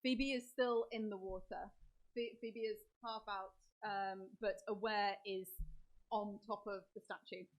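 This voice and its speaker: A woman running the table as dungeon master, her voice sitting at a middle pitch. She lays out each scene in a measured way, pausing on ums as she builds the picture for the players. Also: fairly even intonation, poor audio. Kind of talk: narrating a tabletop game.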